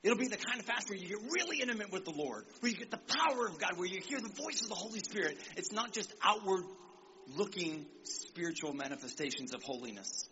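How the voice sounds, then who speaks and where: A man preaching an animated sermon to young people at a church service, calling out for amens and acting out quotes. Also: sits high, fairly quick, muffled recording, noisy background. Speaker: visiting preacher.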